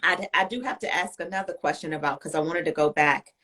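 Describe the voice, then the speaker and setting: Lady host, lowish voice, teasing and blunt w her guest. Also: fast, bright, forceful tone, a little hiss or hum. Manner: playful, teasing, blunt questions. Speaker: podcast host. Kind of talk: interview chat.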